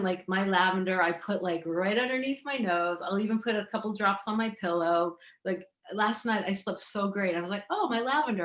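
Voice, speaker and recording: A woman teaching yoga and essential oils, chatting casually on an online summit and telling animated stories with plenty of fillers. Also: fairly low pitch, reverberant. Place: indoor room at home with diffusers.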